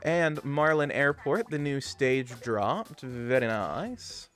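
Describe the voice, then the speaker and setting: A man streaming a game live, chatty and excitable, talking to his chat as he plays. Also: mid-range voice, slow, soft background music. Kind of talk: live gameplay commentary.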